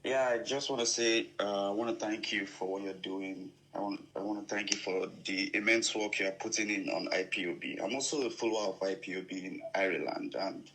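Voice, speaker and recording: Male caller from Nigeria, lowish bright voice, stammers, on a distant phone line. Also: brisk, few pauses. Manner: hesitant, stammering.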